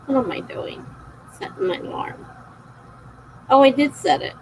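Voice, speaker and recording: A woman's voice: high voice, lively intonation, slight background noise, rough recording. A woman with a South Jersey accent, a writer chatting casually on a live writing-sprint stream and reading out viewer comments. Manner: slow, gravelly delivery with frequent laughs.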